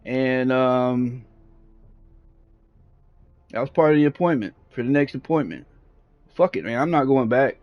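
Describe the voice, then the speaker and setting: A man streaming a game who tells a long story in casual talk, rambling with lots of fillers and swearing. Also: medium pitch. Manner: rambling, profane, frequent fillers. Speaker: gaming streamer. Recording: dull lo-fi sound.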